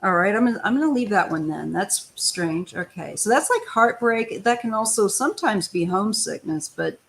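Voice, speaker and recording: A woman's voice: mid-range voice, expressive, normal speed, vocal fry, a little hiss or hum, poor audio. A woman hosting a live tarot stream, chatting casually and giving emphatic advice. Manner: chatty, emphatic, complaining asides. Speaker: tarot reader host.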